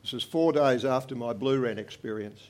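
An older man, giving an earnest personal testimony to a church congregation, swinging from animated to quiet. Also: mid-range voice, moderate pace.

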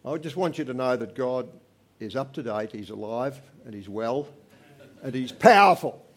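An older man, giving an earnest personal testimony to a church congregation, swinging from animated to quiet. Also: medium pitch, normal speed.

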